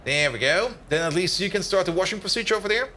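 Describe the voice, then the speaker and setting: His voice is high-pitched, expressive and fast, with a bright, forceful tone, as he streams a building game and chats with viewers. The commentary is casual and rambling, packed with "like" and "uh," as he thinks out loud. There's slight background noise.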